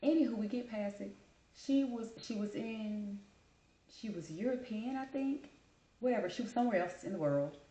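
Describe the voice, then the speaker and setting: A woman telling a casual story in a lively, colloquial way, calling people honey and baby. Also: medium pitch, moderate pace, reverberant, low-quality recording. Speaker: vlogger.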